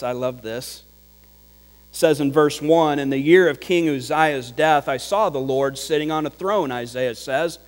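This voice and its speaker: Male pastor, measured teacherly sermon delivery, unhurried, recorded in a reverberant hall with a low hum. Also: darkish tone. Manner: teacherly, explains with examples and repeats for emphasis.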